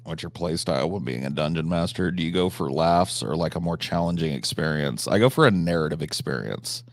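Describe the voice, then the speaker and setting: A man's voice: extremely low pitch, expressive, a little fast, no echo. A man chatting casually on a live stream, answering chat questions, swearing freely, with frequent restarts and fillers.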